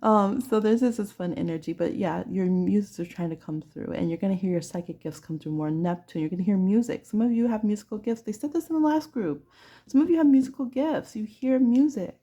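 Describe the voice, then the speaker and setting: A woman's voice: medium pitch, a little fast, dark tone. A woman giving a chatty pick-a-card tarot reading who laughs often and acts out little voices. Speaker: tarot reader.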